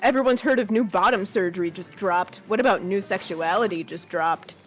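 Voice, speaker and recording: A woman's voice: medium pitch, a little fast, soft background music, poor audio. A woman chatting with friends during a game, dropping goofy playful one-liners. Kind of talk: casual chat while gaming.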